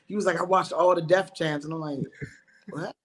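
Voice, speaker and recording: A woman in her forties, a comedian telling animated, bawdy stories and laughing often in a casual interview. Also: fairly low pitch, moderate pace. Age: 40s. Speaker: comedian guest.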